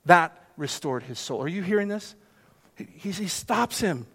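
A man preaching a sermon as pastor, earnest, dropping to soft hushed words for emphasis. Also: high voice, expressive, moderate pace. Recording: long hall reverb.

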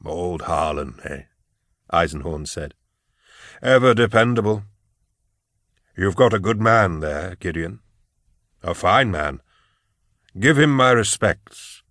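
A man playing a weary old male inquisitor in an audiobook, speaking low, hushed and measured. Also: expressive, dry recording, clean studio sound, heavily acted. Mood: grave.

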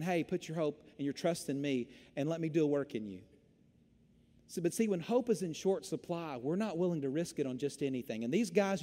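A man preaching a sermon as pastor, telling stories in an animated way. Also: fairly high pitch. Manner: animated storytelling preacher, Southern "y'all". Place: church sanctuary. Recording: long hall reverb.

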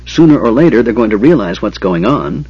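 A man's voice: on the low side, animated, brisk, mellow, husky, no room sound, dull audio. Man voicing a tense half-elf leader. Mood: urgent.

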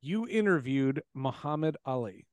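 A man hosting a casual interview, chatty and quick to laugh and chime in with his own stories. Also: medium pitch, animated, darkish tone, dry recording. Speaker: podcast host.

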